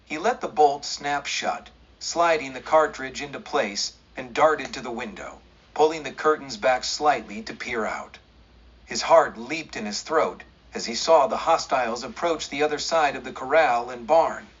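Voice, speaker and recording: A man narrating a western audiobook in a steady, measured way. His voice is husky and sits at a medium pitch. The lo-fi recording sounds dull.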